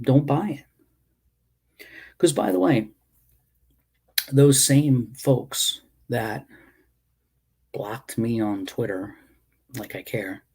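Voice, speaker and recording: A man's voice: on the low side, a little mellow, husky. A man who makes his own comics, ranting in a casual vlog, impassioned and swearing freely. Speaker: self-published comic creator.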